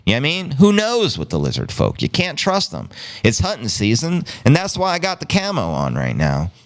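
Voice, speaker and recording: A man's voice: fairly high pitch, huge pitch swings, brisk, creaky. A man hosting a podcast, reading news with brash, jokey, slangy commentary. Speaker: podcast host.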